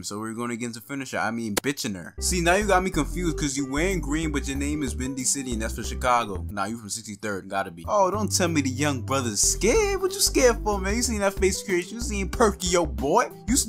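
A young man giving loud, jokey, profane trash-talk commentary over basketball video game play. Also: fairly high pitch, sing-song, brisk, few pauses, music in the background. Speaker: gaming youtuber. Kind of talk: gameplay commentary.

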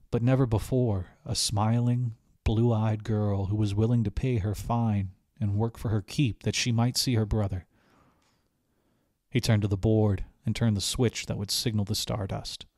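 A man reading a short story aloud as an audiobook narrator, with steady, even storytelling. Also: fairly low pitch, dry recording, studio quality. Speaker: audiobook reader. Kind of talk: scripted narration.

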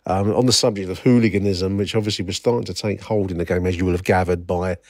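Middle-aged English male host, wry and meandering, lower voice, dry booth sound. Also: fairly even intonation, fast talker, darkish tone, no room sound. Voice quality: wry, rambling, many fillers and restarts. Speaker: podcast host. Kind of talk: casual solo podcast commentary.

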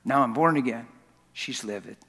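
An impassioned male preacher who tells his story in a confessional way, with a voice of middling pitch. His words ring out through a large church with a long reverb. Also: moderate pace, pushed and bright. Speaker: guest preacher. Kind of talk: sermon.

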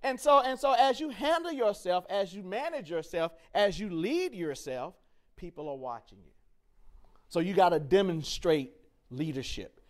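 A man's voice: high voice, sing-song, moderate pace. A man teaching a leadership lesson to teens at a camp, asking the group questions, spelling words out and repeating key points with emphasis. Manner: call-and-response questioning, emphatic and repetitive; encouraging, jokes with students. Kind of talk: interactive classroom teaching.

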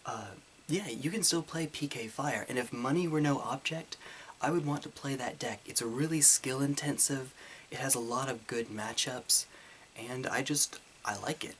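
A man with a light Southern US twang, answering viewer questions in a casual Q&A while holding his voice deeper and fuller than usual. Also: normal speed, fairly bright tone, a little hiss or hum. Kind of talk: casual Q&A monologue.

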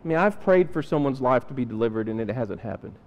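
A man's voice: mid-range voice, expressive, fast talker, darkish tone. A man preaching a conversational sermon, acting out the lines of the people in his stories. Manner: conversational, acts out Bible characters' lines. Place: church sanctuary. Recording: reverberant church hall.

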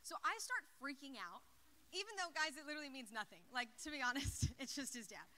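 A young woman giving a youth service message, telling a story in an excited, chatty way with lots of "like" into a handheld mic. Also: high-pitched, brisk. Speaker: youth speaker.

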